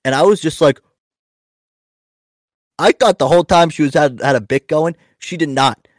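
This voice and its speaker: A man's voice: on the high side, normal speed, no echo, clean studio sound. A young man, a podcast host and stand-up comic, telling rambling, profane stories with lots of restarts. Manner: rambling, profane, self-interrupting anecdotes. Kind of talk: casual podcast storytelling.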